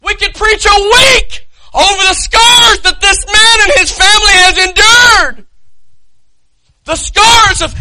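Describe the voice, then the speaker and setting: Preacher, male, very high and sharp-toned, impassioned delivery. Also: no echo, low-quality recording. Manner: impassioned preaching, shouting and breaking into tears at peaks. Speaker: pastor. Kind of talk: sermon.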